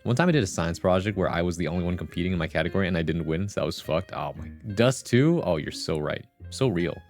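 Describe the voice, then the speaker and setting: A man with a fairly low voice chats casually with his viewers on a live stream. He rambles and jokes, often breaking into laughter. Faint music plays in the background. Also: expressive, quick pace, darkish tone. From Vietnamese heritage. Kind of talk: casual livestream chat.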